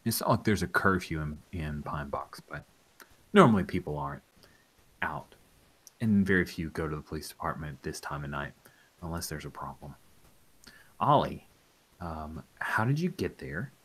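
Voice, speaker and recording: A man narrating as game master of a tabletop role-playing game in a relaxed, meandering way. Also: a bass voice, moderate pace, pauses often, breathy edge.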